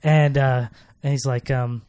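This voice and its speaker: A man co-hosting a podcast in casual chat, rambling as he pitches ideas, with plenty of fillers. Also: fairly even intonation, measured pace, a little mellow, clean tone. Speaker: podcast co-host.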